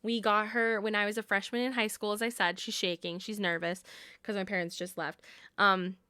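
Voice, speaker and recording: A woman's voice: medium pitch, level tone, moderate pace, pushed and bright, clear, resonant tone, dry recording, studio quality. A woman in her twenties hosting a casual podcast, gushing and sentimental as she chats. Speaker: podcast host. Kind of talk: casual chat.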